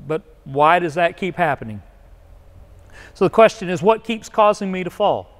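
Male pastor, high voice, conversational sermon, long hall echo. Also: lively intonation, normal speed. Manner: conversational preaching with many restarts and acted-out quotes. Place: church sanctuary.

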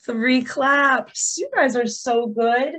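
A woman teacher giving an encouraging lesson to young children, talking to them in an animated way. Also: high voice, takes it slowly.

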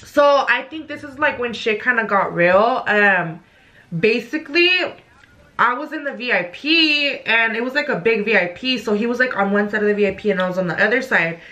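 A young woman talks straight to her viewers with a bright, forceful edge in her voice. Her speech sits a little high, and she tells the story loosely, swearing and saying "like" a lot. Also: moderate pace. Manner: animated, profane, full of "like". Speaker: vlogger. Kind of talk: casual storytime.

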